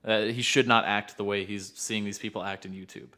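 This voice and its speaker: Low-voiced man in casual podcast chat. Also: flat delivery, fairly quick, pushed and bright. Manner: rambling, loose, lots of filler words and laughs. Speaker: podcast co-host who works with autistic clients.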